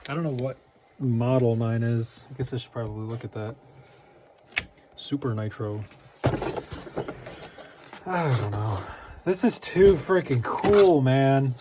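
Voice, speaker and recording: Young man, slightly high voice, casual unboxing talk, excitable, gushing, faint background noise. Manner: excitable, gushing, often breaks into high exclamations. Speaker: RC car vlogger.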